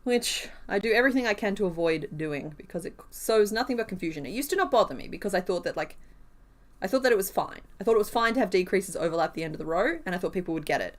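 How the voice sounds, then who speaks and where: A woman chatting casually on a live stream while she crochets, thinking aloud and laughing often. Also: fairly low pitch.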